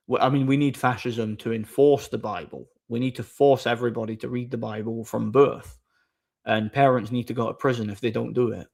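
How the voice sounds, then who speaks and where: A man's voice: mid-range voice, creaky. A man chatting casually on a live stream, reading viewer messages aloud, rambling with repeated words and frequent laughter.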